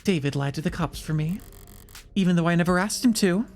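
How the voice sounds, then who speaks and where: A woman voicing a cynical, sharp-tongued woman lawyer with a dark streak in a live visual novel reading, dry and self-assured. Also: fairly low pitch, brisk, soft background music, close to an everyday voice. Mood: wry.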